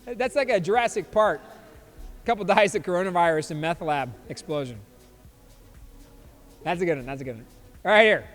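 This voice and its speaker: A man's voice: high-pitched, expressive, normal speed, long pauses, fairly bright tone, long reverb tail, soft background music. A man in his fifties hosting a podcast, reacting to memes in a loose, joking way and laughing often. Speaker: podcast host. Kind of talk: casual chat reacting to memes.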